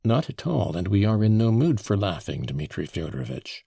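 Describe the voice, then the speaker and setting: A man reading an audiobook, voicing a calm male official who questions a suspect in a measured, pointed way. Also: fairly low pitch, creaky, slightly rough, no room sound, studio quality, heavily acted. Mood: probing.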